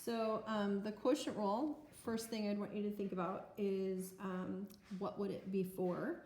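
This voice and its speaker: A woman's voice: mid-range voice, steady tone, measured pace, a little mellow. Playful woman math teacher, echoey room. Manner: chatty, playful, self-mocking. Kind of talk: recorded lecture. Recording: roomy echo.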